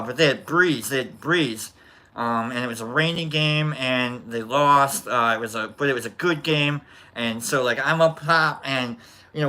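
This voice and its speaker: A man hosting a show, chatting casually and telling animated, joking stories. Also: a little high. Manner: animated, joking, acts out quoted voices with loud yells. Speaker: livestream host. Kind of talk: casual storytelling chat.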